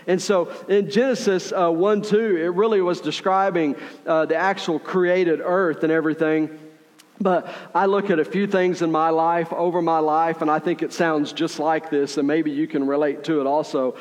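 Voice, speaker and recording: Male pastor, higher voice, chatty sermon delivery, long hall reverb. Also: steady tone, normal speed. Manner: conversational preaching, frequent "right?" asides.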